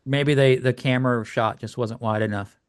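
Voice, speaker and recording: A man's voice: medium pitch, fairly even intonation, normal speed, clean tone, no room sound, studio quality. A man co-hosting a podcast in casual chat, often stopping and restarting mid-thought. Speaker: podcast co-host.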